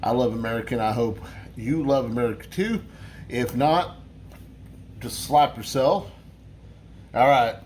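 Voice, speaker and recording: A man's voice: mid-range voice, a little slow, long pauses, darkish tone, slight background noise. A man hosting a casual beer review vlog, rambling and swearing, with lots of restarts.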